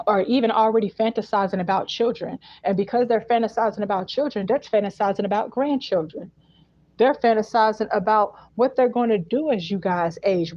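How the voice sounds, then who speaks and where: A woman's voice: medium pitch, dry recording. A woman with giving a casual spiritual message, emphatic and repetitive as she unpacks each phrase. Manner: emphatic and repetitive, with colloquial speech. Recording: dull, dry, lo-fi sound.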